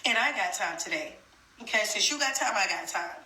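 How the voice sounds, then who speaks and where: A woman's voice: mid-range voice, animated, a little fast, bright, forceful tone. Chatty woman in an echoey room. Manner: chatty, addresses viewers directly. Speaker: commentator reacting to a viral video. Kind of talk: casual reaction commentary.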